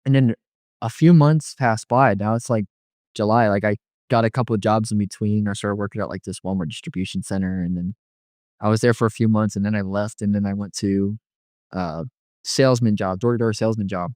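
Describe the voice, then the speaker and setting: A man's voice: fairly low pitch, a little fast, darkish tone, no room sound, clean studio sound. A young man telling a personal faith story in casual, slangy speech, acting out his own past reactions. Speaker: guest sharing his testimony.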